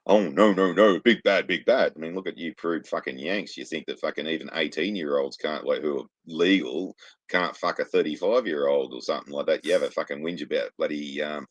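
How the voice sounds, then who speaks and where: A man's voice: very deep voice, brisk, no echo, highs cut off. A man with an Australian accent, telling crude, rambling stories in casual chat, swearing constantly. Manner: profane, rambling anecdotes, heavy swearing.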